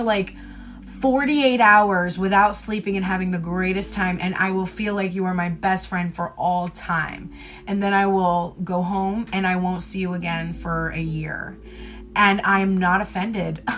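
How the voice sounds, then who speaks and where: A woman at a medium pitch gives a casual livestream tarot reading. She rambles loosely through plenty of fillers. She laughs a lot and drops the odd swear word. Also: a bit bright, slight background noise. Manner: chatty and candid, laughs often, swears casually. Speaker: tarot reader.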